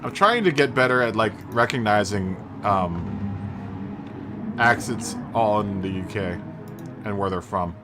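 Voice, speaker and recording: A man's voice: fairly low pitch, animated, takes it slowly, long pauses. A man chatting casually on a live stream of a racing game, laughing often between remarks. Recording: game music playing under the voice.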